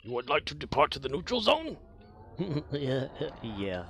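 A man's voice: mid-range voice, huge pitch swings, a little slow, fairly bright tone, a little hiss or hum. A man chatting casually while streaming a game, mumbling and chuckling to himself.

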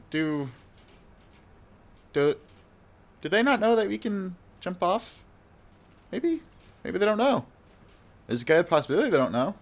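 A man giving live gameplay commentary in a rambling, flustered, self-mocking way. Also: on the high side. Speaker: gamer.

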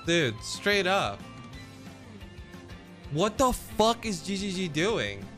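Lively high-pitched gamer man complaining. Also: slow, soft background music. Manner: incredulous, complaining, swearing. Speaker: gaming streamer. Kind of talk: casual stream chat.

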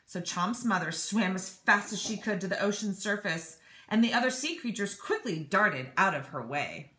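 A woman teacher reading a children's storybook aloud, animated and expressive. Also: medium pitch, moderate pace. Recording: echoey room.

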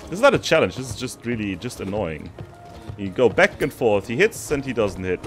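A man commentating his own gameplay, cursing in frustration and swinging between loud outbursts and low muttering. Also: sing-song, brisk, soft background music. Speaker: gaming streamer. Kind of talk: let's play commentary.

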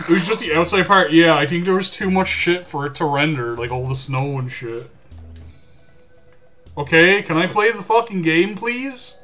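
Lively, bright-voiced male streamer swearing. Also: a little high, a little slow, faint music behind. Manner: swearing, exasperated outbursts at the game. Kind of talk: casual gameplay commentary.

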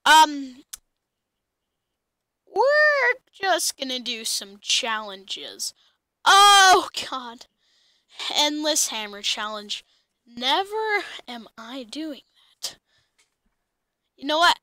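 A woman's voice: high-pitched, sing-song, drawn-out words, pauses often, pushed and bright, no room sound. A woman with a lisp, hosting a goofy, chatty let's-play of a video game. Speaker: gaming channel host.

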